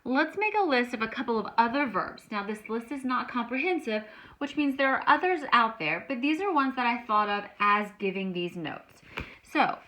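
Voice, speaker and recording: A woman's voice: fairly high pitch, expressive, normal speed, sharp tone, poor audio. A woman teaching a grammar lesson, explaining each step patiently. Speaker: Spanish teacher.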